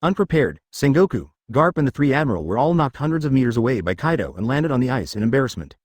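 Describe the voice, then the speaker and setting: A man narrates a fan story in a steady, stiff reading. His pitch moves about a lot, and the sound is dry and close. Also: fast, few pauses, no echo.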